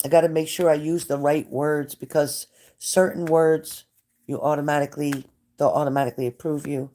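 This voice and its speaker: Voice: medium pitch, fairly even intonation, moderate pace, warm tone. A psychic reader hosting a casual live stream who talks straight to viewers by name, repeats phrases and gets emotional and fervent.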